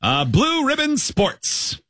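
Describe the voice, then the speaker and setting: A man's voice: extremely high pitch, huge pitch swings, slow, a bit bright, no echo, studio quality. A man hosting a radio game show, quizzing his co-hosts, teasing them and laughing often. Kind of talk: rowdy morning radio game banter.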